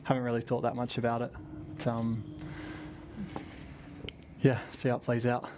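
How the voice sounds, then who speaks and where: Australian man, young, racing driver, giggly and rambling, mid pitch, faint background noise. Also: completely flat delivery, normal speed. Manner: chatty, laughs often, rambling. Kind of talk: press conference answers.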